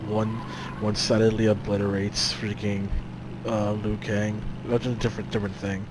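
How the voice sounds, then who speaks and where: A young man co-playing, chatting in a halting, hesitant way. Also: lowish voice, little pitch movement. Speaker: co-player. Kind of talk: casual gameplay chat. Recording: noisy game capture.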